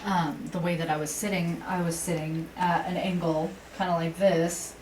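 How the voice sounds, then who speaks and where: A woman's voice: on the low side, moderate pace. A woman co-hosting a podcast, telling a story in casual chat and acting out the people in it. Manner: animated storyteller, acts out quotes, swears. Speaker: podcast co-host. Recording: distant mic with faint hiss.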